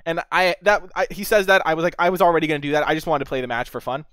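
Rambling young man, higher clear voice. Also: fast, hardly any pauses, dry recording. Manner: rambling, lots of fillers and restarts, excitable. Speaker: channel host. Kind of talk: casual storytelling to camera.

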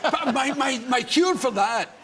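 A man's voice: very high-pitched, lively intonation, unhurried. An older man with a Scottish accent, a chat show guest telling comic stories in a rambling, wry way, heard on a noisy television broadcast. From Scotland. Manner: rambling, wry, breaks into laughter. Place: television studio.

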